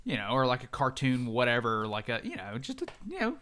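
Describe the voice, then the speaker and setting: A man hosting a podcast, telling a story in an animated way, laughing often and swearing freely. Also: mid-range voice, a little fast, heavy background noise. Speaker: podcast host.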